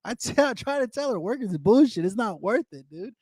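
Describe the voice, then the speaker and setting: A man's voice: high voice, big pitch swings, fairly quick, darkish tone, slightly rough, dry recording, clean studio sound. Rambling man chatting with livestream viewers. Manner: rambling, repetitive, addresses viewers by name. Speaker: livestream host. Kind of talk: casual livestream chat reading viewer comments. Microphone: desktop microphone.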